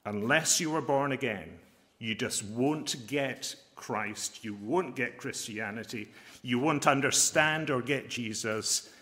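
A pastor and chaplain preaches a sermon earnestly and emphatically, slowing down to stress key phrases. His voice is medium in pitch with a sharp tone.

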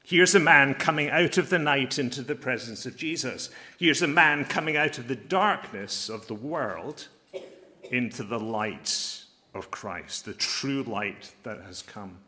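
A man preaching a sermon as a pastor and chaplain, earnest and emphatic, slowing down to stress key phrases. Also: medium pitch, sharp tone.

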